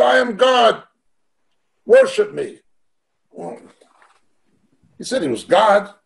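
A man with a fairly high voice teaches scripture over a video call. He is emphatic and repeats his key lines to drive them home. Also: creaky, darkish tone, poor audio. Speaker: Bible teacher. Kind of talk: online Bible teaching.

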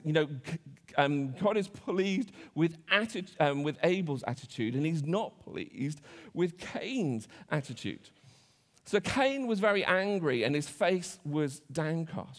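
A man preaching a conversational sermon in church, with frequent restarts and self-deprecating asides. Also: sits high. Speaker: pastor. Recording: church hall reverb.

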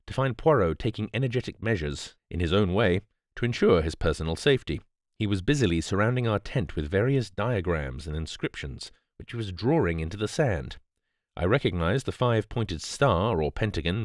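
A man narrating a bedtime audiobook in a calm, measured storytelling manner. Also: on the low side, no echo, studio quality.

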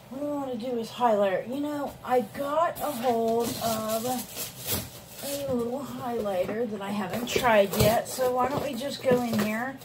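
A woman's voice: a little high, heavy background noise. Chatty woman beauty vlogger. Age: middle-aged. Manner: chatty, rambling with fillers. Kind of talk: casual makeup tutorial.

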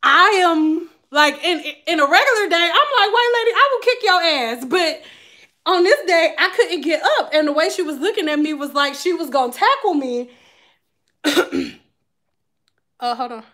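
A young woman, telling a profane, animated story to her viewers. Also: sits high, unhurried. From Detroit. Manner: animated, profane, laughing as she tells it. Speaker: vlogger. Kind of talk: casual storytelling.

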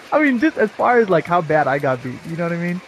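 A man's voice: high-pitched, very animated, a little fast, a little hiss or hum, rough recording. Laid-back man chatting about matches. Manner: laid-back, frequent laughs and fillers. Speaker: co-host. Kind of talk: casual chat over match footage.

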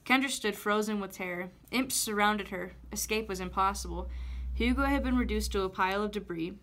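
A woman teacher reading a novel chapter aloud with steady storytelling. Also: medium pitch, a little fast.

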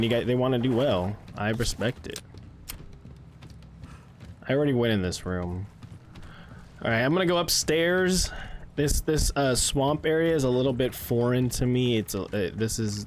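A man streaming a horror game, chatting casually with his viewers and swearing and yelling when the game startles him. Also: mid-range voice, normal speed, slight background noise. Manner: excitable, swears and yells at the game; chats with his chat between gameplay. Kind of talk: casual live-stream commentary. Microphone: streaming microphone close to his face.

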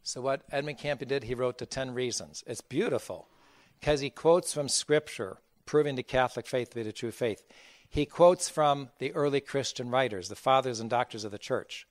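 A man's voice: mid-range voice, normal speed, no room sound. A man, a bishop giving a conference sermon, who talks with emphasis, asks rhetorical questions and acts out the voices he quotes.

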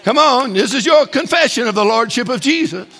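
High, lively, gravelly-voiced man preaching. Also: fairly quick, long reverb tail, a faint crowd. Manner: emphatic preaching that swells into shouted declarations. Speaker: guest preacher. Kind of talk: sermon.

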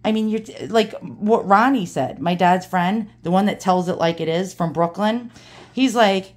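A woman's voice: fairly low pitch, moderate pace. Blunt, cussing woman vlogger. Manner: blunt, indignant, swears freely. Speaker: antique jewelry vlogger. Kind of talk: casual unboxing vlog.

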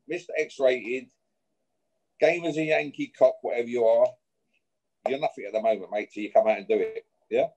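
This boxer, mid-range and warm-toned, trash-talks a rival during an interview, confrontational throughout and closing every point with "yeah?" The audio sounds dull.

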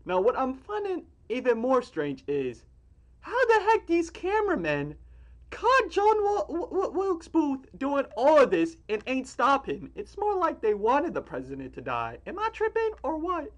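A young man hosting a reaction video from a small room at home, loud and excitable, full of slang. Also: very high-pitched, unhurried. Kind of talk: casual reaction commentary.

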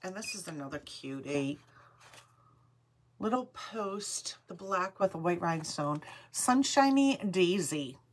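Slow-talking Rhode Island woman. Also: fairly low pitch, expressive, a little hiss or hum. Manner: reads item numbers slowly and repeats them, greets viewers by name. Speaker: host of a live jewelry sale. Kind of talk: live-stream sales chat.

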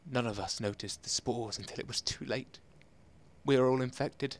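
A man doing excitable, self-mocking commentary over a video game and talking straight to his viewers. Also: medium pitch, normal speed. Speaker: gameplay commentator. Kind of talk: let's play commentary.

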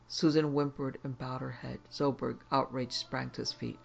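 A man reading a classic horror story aloud in measured, scripted first-person narration. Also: mid-range voice, flat delivery, vocal fry, muffled recording.

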